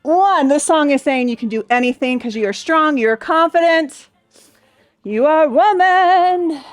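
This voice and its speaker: A woman's voice: sits high, animated, moderate pace, dry recording, faint music behind. A young adult woman leading a Pilates class, cheering and counting reps, a bit out of breath. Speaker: Pilates instructor. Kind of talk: workout class instruction.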